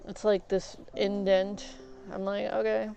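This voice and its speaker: A woman's voice: medium pitch, measured pace, faint music behind. A young woman streamer casually telling a rambling story from her school days while she plays, acting out the back-and-forth of what people said. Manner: rambling, animated retelling with quoted exchanges. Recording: dull lo-fi stream audio.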